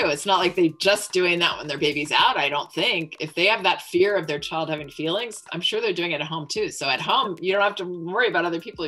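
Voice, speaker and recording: A woman guest in an interview, explaining parenting in a calm, thoughtful way and brightly voicing a parent's words. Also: lowish voice, low-quality recording. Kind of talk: casual interview talk.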